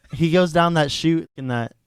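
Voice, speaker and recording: A young man hosts a casual podcast, talking in an excited rush and breaking into laughter as he swears freely. His voice is smooth and resonant, caught dry on a close mic. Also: on the high side, slow, no echo. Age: young adult. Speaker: podcast host.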